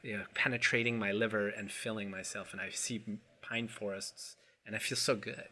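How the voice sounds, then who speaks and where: A man as a qigong instructor guest, talking earnestly in a halting way with many restarts. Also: lowish voice, steady tone, bright, forceful tone. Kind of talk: casual interview chat.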